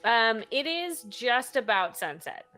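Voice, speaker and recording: A young woman narrating as game master of a tabletop game, relaxed and hesitant, with many fillers. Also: a little high, slow pace, soft background music.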